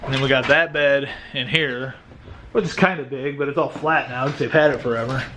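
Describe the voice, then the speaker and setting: A man's voice: medium pitch, a little fast, pushed and bright. Rambling man vlogging at home. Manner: rambling, joking, self-interrupting. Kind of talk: casual vlog chat. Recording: noisy home recording.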